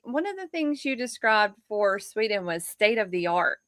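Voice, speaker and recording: A woman podcast host in casual conversation, encouraging her guest with quick affirmations. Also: medium pitch, very animated, a bit bright, dry recording, studio quality. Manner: encouraging listener, brief affirmations.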